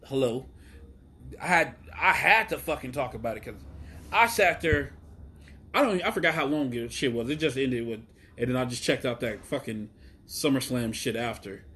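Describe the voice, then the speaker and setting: A man hosting a wrestling show alone, ranting in a rambling, profane, excitable way with lots of fillers. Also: medium pitch, moderate pace, breathy edge. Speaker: wrestling podcast host. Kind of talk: solo casual rant.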